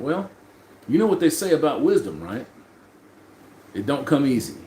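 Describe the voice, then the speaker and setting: A man's voice: mid-range voice, very animated, normal speed, darkish tone. Profane man chatting on a livestream. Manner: loose, profane, talks back to chat. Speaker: livestream host reading chat. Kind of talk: casual live chat. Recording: roomy echo, faint room noise.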